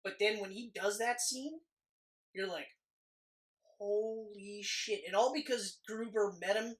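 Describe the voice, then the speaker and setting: High-pitched and moving at a moderate pace, this thirtysomething man co-hosts a laid-back podcast about movies. His talk wanders, is full of profanity, and leans heavily on the word "like."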